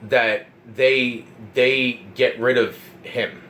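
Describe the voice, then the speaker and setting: Profane, excitable man telling a story. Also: mid-range voice, drawn-out words, slight background noise, rough recording. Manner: profane, excitable, repeats himself. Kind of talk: rambling personal storytelling.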